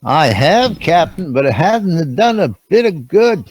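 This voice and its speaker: A man's voice: a little high, sing-song, a little slow, darkish tone, husky, voice pushed up, heavily acted. A man voicing a chipper male starship engineer in an exaggerated mock Scottish accent, in a jokey sing-song manner.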